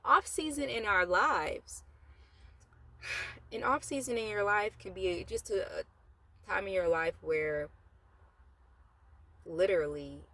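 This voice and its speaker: A woman talks in a relaxed, chatty way from inside her parked car, a little low in pitch. She rambles between asides while keeping an encouraging motivational thread. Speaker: motivational vlogger. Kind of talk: casual motivational talk.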